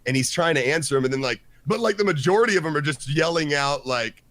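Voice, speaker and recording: A man talking casually on a podcast with a very lively, swinging pitch. He acts out little quotes as he goes, and the room sounds dry and close. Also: fast, dry recording. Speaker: podcast co-host. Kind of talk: casual chat.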